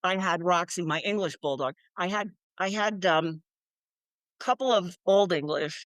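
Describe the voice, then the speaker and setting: A woman's voice: lowish voice, a little slow, no echo. An older woman, an author being interviewed, chatting animatedly and acting out quoted voices with frequent laughs. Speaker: author and guest. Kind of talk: casual interview chat.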